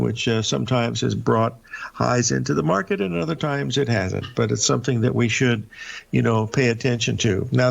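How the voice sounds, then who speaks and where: Older man, deep gravelly fry, rambling folksy market commentary, lots of uhs, dull lo-fi audio. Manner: rambling, folksy, many filler uhs and restarts. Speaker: market show host. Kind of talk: live market commentary over charts.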